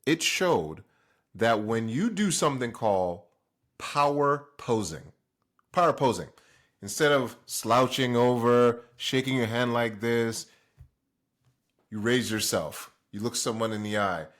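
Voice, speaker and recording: A man's voice: mid-range voice, lively intonation, a little slow, a bit bright. A man from Jamaica hosting a motivational talk, speaking emphatically and throwing rhetorical questions at the listener. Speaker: host.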